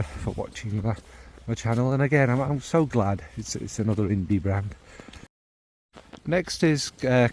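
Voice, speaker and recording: Male vlogger, rambling casual delivery, middle pitch, soft background hiss. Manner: rambling, warm and enthusiastic about scents. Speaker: fragrance vlogger. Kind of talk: casual rambling chat to camera.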